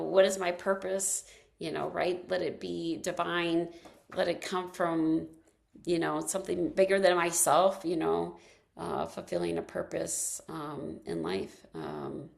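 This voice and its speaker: A woman's voice: fairly low pitch, gravelly, heavy reverb, distant mic. Chatty woman leading a wellness class. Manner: rambling, chatty, many ums and restarts. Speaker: movement and wellness class leader. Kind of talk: casual online class talk with singing.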